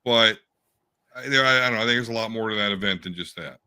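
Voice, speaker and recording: A man's voice: fairly low pitch, fast talker, bright, forceful tone, clear, resonant tone. A man co-hosting a podcast in casual chat, rambling fan talk about comics with the odd swear word over a remote call mic. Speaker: podcast co-host.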